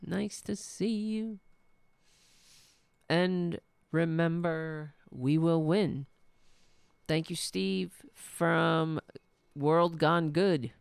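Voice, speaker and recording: A low-pitched woman host talks in an unhurried, casual way as she closes her show. Her voice has a gravelly fry, and the sound is dry and close. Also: dry recording. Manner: coaxing her cat in a soft high voice, then upbeat sign-off. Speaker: podcast host. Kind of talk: casual livestream sign-off.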